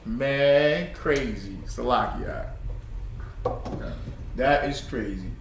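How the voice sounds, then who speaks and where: A man's voice: mid-range voice, extremely slow, slight background noise. A man teaching an informal class, telling stories in an emphatic, repetitive way with casual slang. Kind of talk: informal class talk with storytelling. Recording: echoey room.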